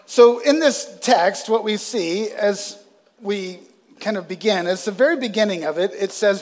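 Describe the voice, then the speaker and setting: A man preaching a sermon as pastor, swelling loud on scripture readings and dropping into casual asides. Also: high voice, slow pace, long pauses. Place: church sanctuary. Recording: long hall reverb.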